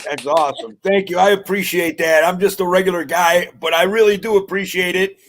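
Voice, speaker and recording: A man's voice: high voice, fairly even intonation, fairly quick. A man being interviewed on a podcast, humble and rambling as he tells his story in casual chat, with plenty of fillers. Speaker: podcast guest.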